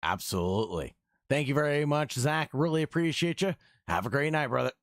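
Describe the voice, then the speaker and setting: A man's voice: a little high, animated, brisk, dry recording, clean studio sound. A man hosting a sim racing broadcast, interviewing drivers after the race in a friendly, easygoing way. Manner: friendly, calls drivers brother.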